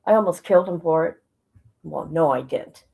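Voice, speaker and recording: A woman's voice: low voice, normal speed, vocal fry, dark tone, husky, low-quality recording. A woman hosting a casual livestream from home on her phone, rambling and emotional as she talks to her chat. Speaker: livestream host.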